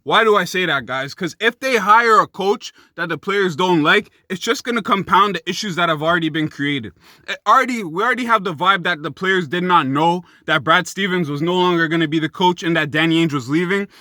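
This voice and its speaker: A man's voice: high voice, fairly quick, pushed and bright, no room sound, clean studio sound. Fired-up young man ranting profanely. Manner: passionate, profane, frustrated, addresses viewers as guys and bro. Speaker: sports commentary YouTuber. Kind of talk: heated sports rant.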